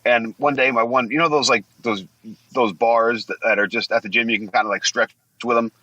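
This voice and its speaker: A man's voice: medium pitch, steady tone, brisk, pushed and bright, dry recording, muffled recording. A man in his forties, a former wrestler guesting on a podcast, telling blunt, profanity-laced stories in a rambling, casual way. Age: 40s. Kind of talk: casual storytelling interview.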